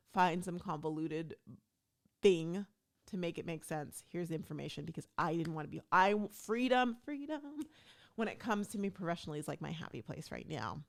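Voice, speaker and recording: Woman rambling on her own podcast, chatty, acts out what people said. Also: on the low side. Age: adult stepmom. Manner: chatty, animated, acts out quoted talk. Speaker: podcast host. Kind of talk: casual solo talk.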